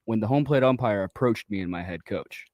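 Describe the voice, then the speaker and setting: Low-voiced man retelling a heated game. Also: brisk, no room sound. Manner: animated storytelling, acting out quoted exchanges. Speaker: youth baseball assistant coach. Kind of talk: casual storytelling on a talk show.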